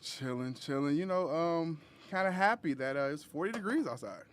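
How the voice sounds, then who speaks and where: A man's voice: a little high, expressive, moderate pace, a little hiss or hum. A man hosting a podcast, chatting casually and joking with his co-hosts in a room. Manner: laid-back, joking, slangy. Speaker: podcast host. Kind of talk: casual chat.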